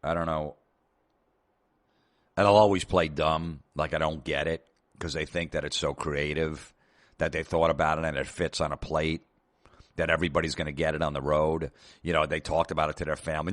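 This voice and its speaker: A man's voice: extremely low pitch, level tone, moderate pace, fairly bright tone. A man hosting a comedy show, ranting in a sarcastic, profane and exasperated way. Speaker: comedian host. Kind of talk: comedic rant.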